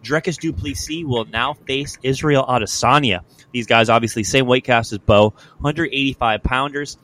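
A young man hosting a podcast, chatting casually about fights in a loose, profane, animated way. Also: mid-range voice, normal speed. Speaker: podcast host. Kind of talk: casual sports chat.

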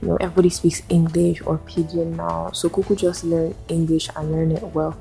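A young woman with a Nigerian accent hosts her own podcast, venting with rhetorical questions. Her voice sits low and mellow, with a gravelly fry running through it. Faint music plays underneath. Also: level tone, fairly quick. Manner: ranting, exasperated rhetorical questions. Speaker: podcast host. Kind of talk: solo podcast monologue.

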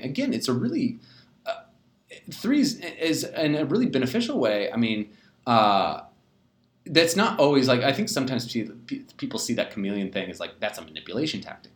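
A young adult man from the United States, explaining personality types in a rambling, self-deprecating way with many fillers and restarts. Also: mid-range voice. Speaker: host of a live personality talk. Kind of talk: casual explanatory talk. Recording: roomy echo.

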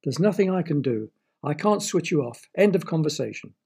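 Guy reading as a tired young woman, pleading, low gravelly storybook voice. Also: animated, brisk, darkish tone, exaggerated voice. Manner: weary, pleading.

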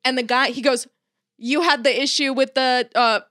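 A woman's voice: high-pitched, steady tone, normal speed, a bit bright, no room sound. Woman swearing nonstop telling a wild story, doing everyone's voices, dry close mic. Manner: swears constantly, acts out quoted voices. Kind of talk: casual chat, animated storytelling.

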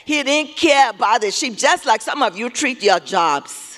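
Preacher, male, very high bright voice, slow and emphatic, repeats key words, booming hall reverb. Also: lively intonation. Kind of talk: sermon. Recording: long reverb of a large hall.

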